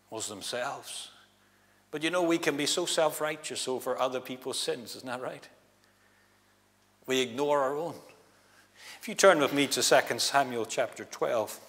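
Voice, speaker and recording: Dramatic preacher in a hall. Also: male voice, medium pitch. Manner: dramatic, swings from loud to hushed. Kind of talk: gospel sermon. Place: church hall. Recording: long hall reverb.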